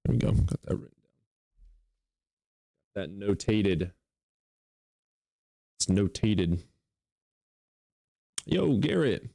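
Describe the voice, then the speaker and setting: Low-voiced, animated sarcastic man. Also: takes it slowly, gravelly, pauses often, no echo. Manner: joking, sarcastic, swears casually. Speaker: livestream debate host. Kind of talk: casual live-stream chat.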